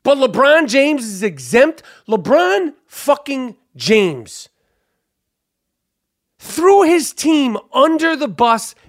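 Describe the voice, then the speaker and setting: A man hosting a podcast, ranting loudly and profanely about sports with lots of fillers. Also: very high-pitched, big pitch swings, slow, no echo, clean studio sound. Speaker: podcast host.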